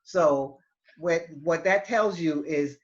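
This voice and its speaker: A woman teaching Spanish in an online class, explaining patiently with halting restarts over a video call. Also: low-pitched, muffled recording.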